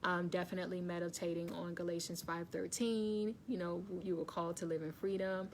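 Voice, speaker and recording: A woman's voice: on the low side, little pitch movement, a little fast, a little hiss or hum. A woman hosting a casual live stream, chatting with viewers, laughing often and greeting commenters by name. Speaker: wellness livestream host. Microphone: phone or webcam facing her.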